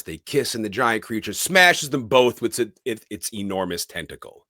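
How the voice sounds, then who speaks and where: Guy on a podcast walking through a movie plot, low voice, dead dry mic. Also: animated, sharp tone, no room sound. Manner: narrates the plot, reads quotes in a low slow voice. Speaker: podcast co-host. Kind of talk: casual film recap.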